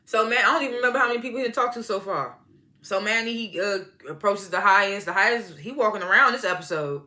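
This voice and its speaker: A man's voice: high-pitched, fast talker, sharp tone. A man giving a casual, profane, slangy review of a TV episode, laughing often as he recounts the scenes.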